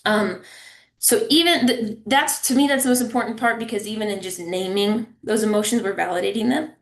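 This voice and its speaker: A woman's voice: medium pitch, a little fast, echoey room. A woman presenting a family engagement webinar over a video call, talking in a conversational way and checking in with listeners. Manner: warm, conversational, checks in with "right?" and "okay?".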